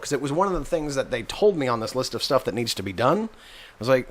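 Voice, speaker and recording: Podcast guest, male; lively storyteller with a swinging pitch who mimics people in his anecdotes. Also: fast talker. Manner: animated storyteller, acts out voices in his anecdotes. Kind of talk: casual chat.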